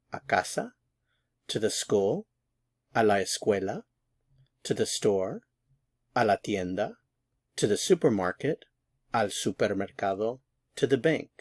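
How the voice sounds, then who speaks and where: A man walks through a language lesson at a board, patient and clear, saying each form slowly and then repeating it. His voice sits fairly low. The sound is dry, with hardly any room echo. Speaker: Spanish teacher.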